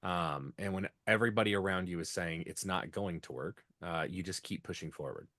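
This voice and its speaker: Deep, hesitant man losing his thread. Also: fairly quick, fairly bright tone, no room sound, studio quality. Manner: hesitant, loses his train of thought. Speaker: podcast panelist. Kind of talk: casual panel discussion.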